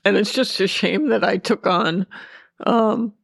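A woman with a gravelly, fry-laden voice tells her story as an interview guest, pausing often on fillers and restarts. The sound is dry and close. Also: medium pitch, no echo. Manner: hesitant, many fillers and restarts, candid. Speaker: actress and memoir author, guest. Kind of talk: interview, recounting memories.

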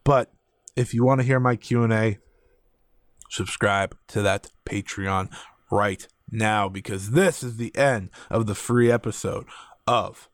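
Excitable man hosting a solo podcast. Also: lowish voice, a little slow, dry recording, clean studio sound. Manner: enthusiastic, opinionated, many fillers. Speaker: podcast host. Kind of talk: solo wrestling podcast talk.

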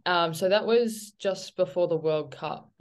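Low-voiced New woman, relaxed. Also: unhurried. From New Zealand. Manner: relaxed, rambling, with many fillers and "like". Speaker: guest, professional footballer. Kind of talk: casual interview chat.

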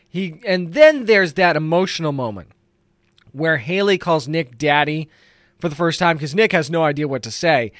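A man's voice: a little high, a bit bright, no room sound, clean studio sound. A man casually recapping and reviewing a TV episode, enthusiastic and rambling, with many fillers.

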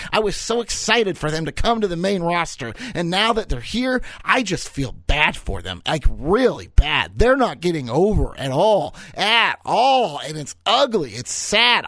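A man in his thirties hosting a solo podcast, talking in an animated, rambling way and repeating his points for effect. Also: sits high, no room sound. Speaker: podcast host.

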